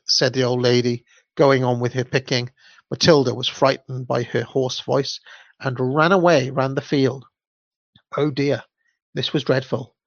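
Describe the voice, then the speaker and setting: Gravelly man reading a children's story. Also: medium pitch, moderate pace, no echo. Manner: unpolished, amused at the text. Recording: dull lo-fi dry recording.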